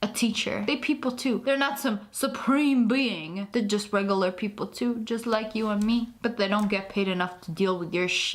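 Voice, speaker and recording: A woman's voice: medium pitch, normal speed, hardly any pauses. A woman hosting a comedy reaction video, reading posts aloud and making sarcastic comments, laughing often. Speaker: host reacting to memes.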